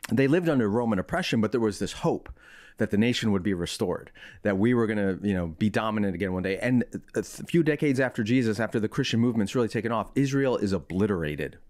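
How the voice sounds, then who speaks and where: A man's voice: on the low side, fast talker, darkish tone. A man hosting a podcast conversation, asking thoughtful, probing questions and sometimes playing devil's advocate. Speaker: podcast host.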